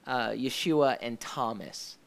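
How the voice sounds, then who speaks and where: Gravelly-voiced man hosting a chat. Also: medium pitch, slow pace. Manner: hesitant, many restarts and fillers; enthusiastic about the scenes he describes. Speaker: host of a faith discussion show. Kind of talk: casual live discussion.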